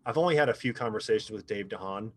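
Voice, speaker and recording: This podcast guest is a pro paintball player in his thirties, swapping stories in a relaxed interview. He talks quickly in a lowish voice, wandering off with lots of filler words and livening up whenever he imitates what others said.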